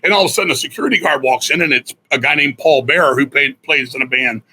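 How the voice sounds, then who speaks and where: In a casual storytelling interview with rough audio, a husky, forceful middle-aged man from Virginia, USA, speaks fast at medium pitch. The guest musician is a profane, animated storyteller who performs other people's lines.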